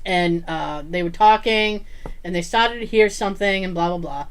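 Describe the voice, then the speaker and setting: A woman's voice: on the low side, moderate pace, clean tone. A woman co-hosting a podcast, telling a story in casual chat, acting out what people said and laughing often. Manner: animated storyteller, acts out quotes, laughs often. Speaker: podcast co-host.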